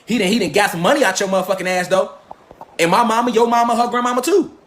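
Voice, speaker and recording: A man's voice: sits high, fast, fairly bright tone. A man in a profane, confrontational ranting monologue, firing rhetorical questions. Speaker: commentator.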